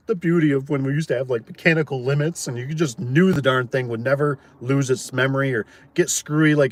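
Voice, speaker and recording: A man who runs a garage door business, telling a work story in a casual, chatty way and often adding "like" and "right?". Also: mid-range voice. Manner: chatty, tosses in "like" and "right?", acts out quoted voices.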